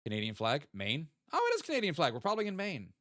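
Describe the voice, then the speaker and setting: A man's voice: a little high, wildly swooping pitch, fast talker, sharp tone, dry recording, clean studio sound. A young man, chatting casually with viewers while playing a geography game and thinking aloud. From American South. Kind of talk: casual live-stream chat.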